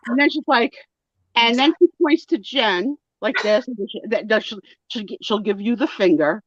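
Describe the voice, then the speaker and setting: A woman hosting a live sale show, chatting on a video call in a playful, animated way, teasing her guests and acting out their lines. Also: on the high side, moderate pace, no room sound. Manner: animated, playful roasting, acts out what others say. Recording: dull lo-fi call audio.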